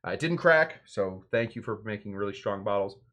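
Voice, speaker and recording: A man's voice: on the low side, lively intonation, a little fast, fairly bright tone. A man hosting a home cocktail show, rambling and joking as he mixes and tastes drinks. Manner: rambling, joking, self-interrupting. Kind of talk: casual rambling cocktail demo.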